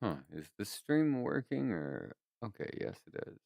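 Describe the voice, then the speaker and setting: A man's voice: on the low side, sing-song, measured pace, gravelly, darkish tone, dry recording, clean studio sound. A young man streaming, telling a rambling story in casual chat and laughing often.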